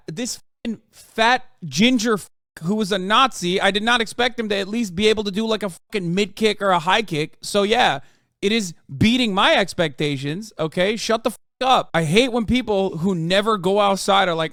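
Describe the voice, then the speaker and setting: A man's voice: high-pitched, no room sound, clean studio sound. Profane man reacting on a stream. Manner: profane, animated, quick to exclaim. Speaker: streamer reacting to a fight video. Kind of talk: casual reaction commentary.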